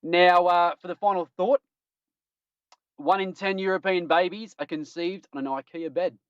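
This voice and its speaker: A man's voice: high-pitched, steady tone, moderate pace, clean tone, no room sound. An Australian man hosting a podcast, running through odd news stories in a cheeky, joking way and laughing at his own puns. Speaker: podcast host. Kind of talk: casual news-roundup chat. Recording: dull lo-fi stream audio.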